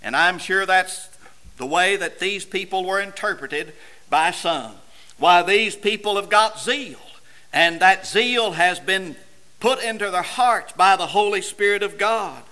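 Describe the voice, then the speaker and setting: A man preaching a sermon emphatically, moving between loud declaiming and low, intense passages, and addressing the congregation directly. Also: a little slow, low-quality recording.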